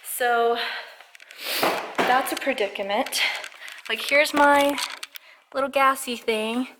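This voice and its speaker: A woman's voice: high voice, fairly even intonation, slow pace, background noise. A young woman vlogging at home, rambling and chatty with lots of fillers. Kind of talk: casual vlog chat. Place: home and garage.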